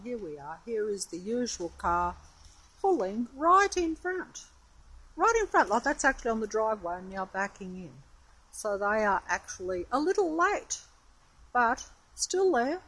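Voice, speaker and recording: A woman with a voice on the high side and slightly rough narrates a casual video shot on a mobile phone, and the audio is poor. She's Australian, walking a windy, rainy street, and her commentary is hesitant, meandering and guarded.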